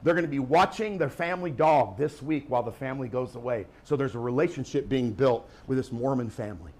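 A man preaching a sermon in church, swinging from emphatic calls to quiet, joking asides. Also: mid-range voice, fast, few pauses. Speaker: pastor.

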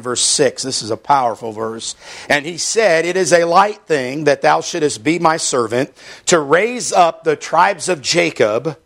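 A man preaching a sermon, reading Scripture slowly and building to emphatic, fervent passages. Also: fairly high pitch. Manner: emphatic, rising into fervent stretches; reads Scripture aloud in slow measured delivery.

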